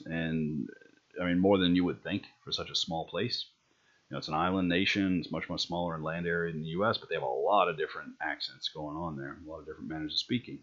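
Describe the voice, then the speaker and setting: A man's voice: low voice, fairly bright tone. A male lecturer talking through slides in a loose, rambling way, full of fillers and restarts. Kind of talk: recorded classroom lecture. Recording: dull lo-fi lecture recording.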